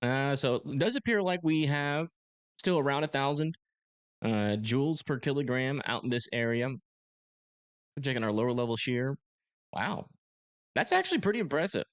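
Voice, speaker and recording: A young man hosting a live storm-tracking stream, talking casually and haltingly with many fillers as he reads radar. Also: mid-range voice, clear, resonant tone, dry recording. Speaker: storm-tracking livestream host. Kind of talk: live weather commentary.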